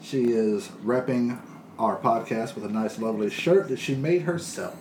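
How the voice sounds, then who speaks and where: A man's voice: mid-range voice, animated, moderate pace, darkish tone. A man hosting a loose comedy podcast, crude and full of swearing as he riffs with friends around him. The room rings with echo, and a faint hiss sits under his voice. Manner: crude, joking, profane. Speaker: podcast host. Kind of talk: casual comedic chat. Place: room shared with several co-hosts.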